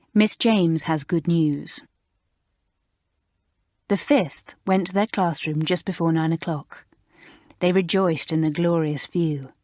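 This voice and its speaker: A woman narrates a storybook in a calm, even reading voice. Her pitch sits on the low side. The recording is dry and close, with no room sound. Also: dry recording. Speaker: audiobook narrator.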